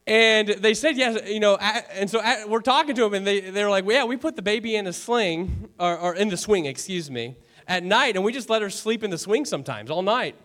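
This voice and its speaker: High-voiced man preaching a chatty sermon. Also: animated, brisk, hardly any pauses, fairly bright tone. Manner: earnest, repeats key phrases, chatty asides to the congregation. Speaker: pastor. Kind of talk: conversational sermon.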